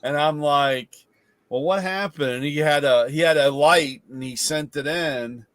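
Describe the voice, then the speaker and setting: A man telling a relaxed, rambling story in casual chat. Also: on the high side, a little slow, dry recording.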